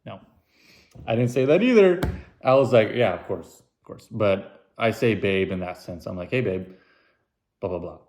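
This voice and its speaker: A man's voice: expressive, normal speed, darkish tone, a little hiss or hum. Rambling, self-mocking podcast guy. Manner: puts on silly high voices when quoting. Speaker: podcast host. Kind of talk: casual solo podcast monologue.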